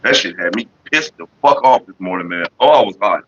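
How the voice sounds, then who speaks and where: A man hosts a casual livestream, rambling through stories and calling out to viewers in the chat. His voice is bright and a little husky. The stream audio sounds dull and lo-fi. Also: on the low side, animated, a little fast. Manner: loose storytelling, greets chat viewers. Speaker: livestream host.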